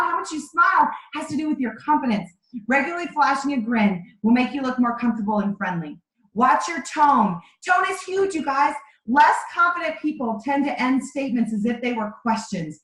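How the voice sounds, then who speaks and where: Emphatic high-voiced woman coaching her team. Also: a bit bright, reverberant, poor audio. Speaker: sales team leader. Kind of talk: motivational team training on a video call. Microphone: video call microphone.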